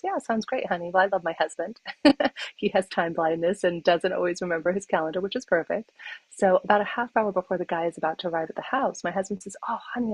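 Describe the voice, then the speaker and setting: A woman's voice: lowish voice, slightly rough, no room sound, low-quality recording. A middle-aged woman hosting a livestream wellness talk, telling stories in an earnest way and acting out the voices she quotes. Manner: earnest, storytelling, animated quotes. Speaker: host and speaker.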